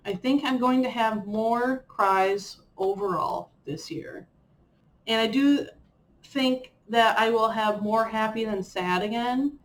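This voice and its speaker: A woman's voice: a little high, slow, a little hiss or hum. A young woman vlogging in a chatty, rambling way with fillers and playful self-mockery. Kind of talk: casual chat reviewing a personal year.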